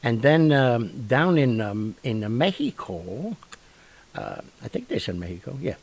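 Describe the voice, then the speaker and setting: A man hosting a show, telling stories in a rambling, animated way with lots of fillers and sound effects. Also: medium pitch, measured pace, vocal fry, poor audio. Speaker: radio show host. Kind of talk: casual storytelling monologue.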